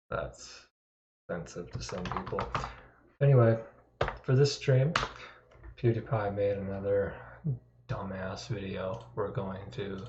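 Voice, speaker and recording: A man with a lowish voice chats casually on a live stream, drifting between topics with wry, self-deprecating asides. His desktop mic sounds dull and lo-fi, and the room adds a clear echo. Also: background noise. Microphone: desktop microphone.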